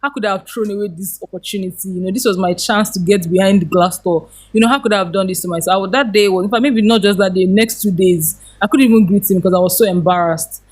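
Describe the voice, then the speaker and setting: Woman, thirties, interview guest, lively storyteller who laughs easily. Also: medium pitch, quick pace, few pauses. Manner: animated, laughs often while telling.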